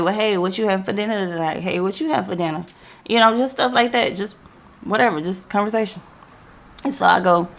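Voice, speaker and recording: Slangy woman telling a story, gravelly. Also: medium pitch. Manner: animated, slangy, acts out quoted dialogue. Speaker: podcast host. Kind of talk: casual storytelling.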